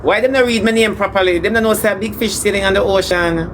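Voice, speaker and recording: A man with a Jamaican accent in a camp, sharp-tongued live chat, drawing out words slowly for comic effect. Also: high voice, slight background noise. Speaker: livestream personality. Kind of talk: sassy comedic live chat.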